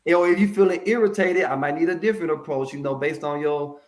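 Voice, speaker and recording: This is a man with a somewhat high-pitched voice, speaking as a guest in a casual interview about mental health. He tells his stories with animated, colloquial energy and turns to the audience now and then to drive a point home. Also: quick pace.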